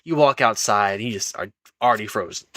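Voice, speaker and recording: A young man co-hosting a sports podcast, talking in a relaxed, conversational way. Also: on the low side, brisk, no room sound. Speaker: podcast co-host. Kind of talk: casual sports podcast chat.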